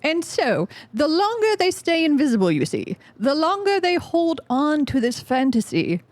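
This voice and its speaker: A woman's voice: high voice, sing-song, moderate pace, dry recording, voice pushed up. A woman voicing a giant chittering lobster guest who lectures earnestly about a book. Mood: lecturing. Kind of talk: podcast book discussion.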